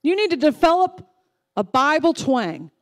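A woman pastor preaching a sermon, emphatic and repetitive, swinging from loud declarations to soft, slow lines. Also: high voice, sing-song. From Texas family, Southern upbringing.

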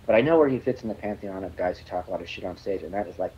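Man, low voice, husky, casual interview guest, repeats himself, swears, muffled lo-fi sound. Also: racing, very noisy. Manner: rambling, stammers and restarts, swears casually. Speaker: musician guest.

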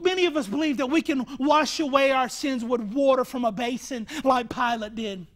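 A man preaching a sermon to viewers, emphatic and rising to shouts on key phrases. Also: very high-pitched.

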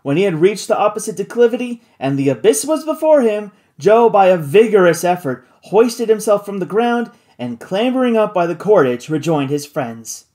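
Expressive, dramatic audiobook narrator. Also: medium pitch, normal speed, few pauses. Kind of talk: scripted narration of a classic novel.

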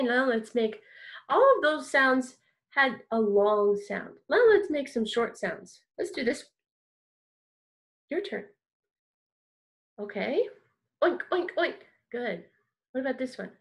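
A woman teaching an online kindergarten music lesson, upbeat and encouraging, leading call-and-response. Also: on the high side.

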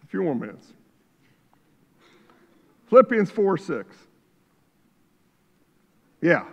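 A man preaching a sermon as pastor, shifting between quiet reflection and loud fervor, recorded in a church sanctuary. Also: sits high, very animated, slow. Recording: church hall reverb.

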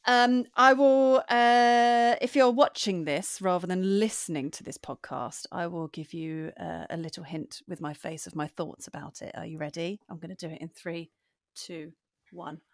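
A woman's voice: on the low side, steady tone, moderate pace, no echo, studio quality. A woman co-hosting a podcast in casual chat, upbeat, chatty and playful. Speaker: podcast co-host.

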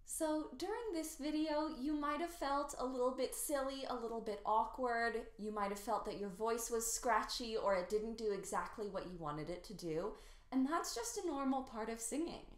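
A woman singing teacher coaching beginners through warmups in an encouraging way. Her voice is slightly scratchy. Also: on the high side, moderate pace. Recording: roomy echo, faint piano. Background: faint piano.

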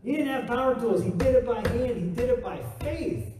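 A man's voice: very high-pitched, lively intonation, normal speed, music in the background. A man preaching a casual, joking sermon as a pastor, acting out quotes in a folksy way. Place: church sanctuary. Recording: echoey hall, mic at a distance.

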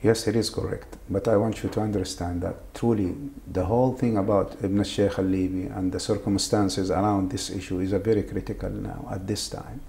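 Gravelly low-voiced man, halting. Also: level tone, warm tone. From Saudi Arabia. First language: Arabic. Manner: halting, repeats words often. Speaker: interviewee. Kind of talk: emotional interview testimony. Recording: faint background noise.

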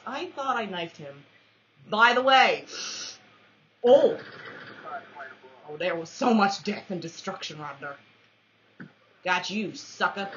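A woman commentating her own shooter match, with playful trash talk, mock-formal quips and excitable yelps. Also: mid-range voice, takes it slowly, pauses often. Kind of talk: let's-play commentary. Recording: dull lo-fi recording.

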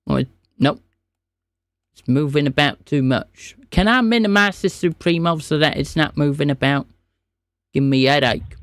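A man's voice: a little high, normal speed, a bit bright, no echo, studio quality. A man streaming a scam-bait phone call, feigning confusion and playing dumb with the caller. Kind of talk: prank call.

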